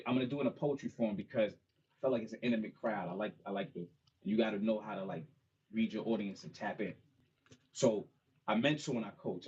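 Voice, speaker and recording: Husky-voiced man talking to a small crowd. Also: on the low side, a little mellow, lo-fi sound. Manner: conversational, repeats "you know what I mean". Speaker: author and mentor speaking at a book launch. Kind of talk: casual talk and a cappella spoken-word song. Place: bookstore event with a small live audience.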